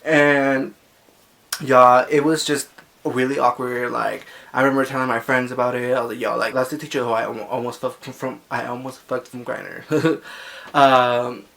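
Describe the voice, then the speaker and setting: Young male vlogger, gravelly, medium pitch; casual and sassy storytelling. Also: steady tone, moderate pace, fairly bright tone. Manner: chatty, sassy, heavy on filler words.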